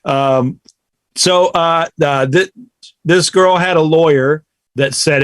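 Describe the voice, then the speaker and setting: A man's voice: a little high, slow, fairly bright tone, no echo. Rambling man telling a story. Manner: rambling storyteller, restarts, laughs often, swears. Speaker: podcast co-host. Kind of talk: casual chat.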